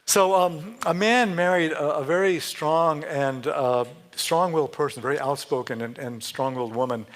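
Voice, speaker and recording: A man's voice: on the high side, moderate pace, a bit bright. Man giving a chatty, joking sermon. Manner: chatty, self-interrupting, laughs at own jokes. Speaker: speaker giving a Sunday talk. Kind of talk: conversational sermon with jokes. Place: church sanctuary.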